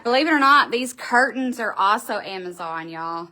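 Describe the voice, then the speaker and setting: A woman's voice: on the high side, expressive, moderate pace, few pauses, bright, forceful tone. A middle-aged woman, hosting a casual live stream from her wreath shop, gushing and chatty as she answers viewers.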